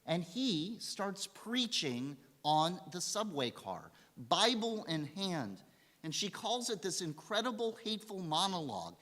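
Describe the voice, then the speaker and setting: A woman rabbi telling a story in a sermon, in an animated storytelling manner. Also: fairly low pitch, unhurried. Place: synagogue sanctuary. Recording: reverberant hall.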